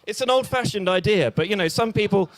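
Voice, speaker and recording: A young man with an English accent doing a stand-up set at a small bar open mic, deadpan and hesitant with many fillers. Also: sits high, a little fast. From England. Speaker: stand-up comedian.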